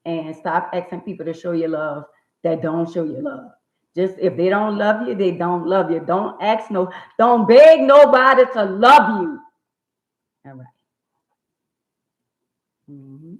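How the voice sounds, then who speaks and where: A woman hosting a casual livestream, greeting viewers by name in a chatty, drawn-out way. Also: fairly low pitch, darkish tone. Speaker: livestream host. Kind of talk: casual live chat. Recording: tinny phone-like sound in an echoey room.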